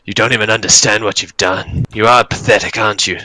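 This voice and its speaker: A man's voice: fairly low pitch, fairly even intonation, pushed and bright, no echo, low-quality recording. A man growling as a snarling one-eyed dragon. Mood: scornful. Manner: snarling, contemptuous, slow and grand.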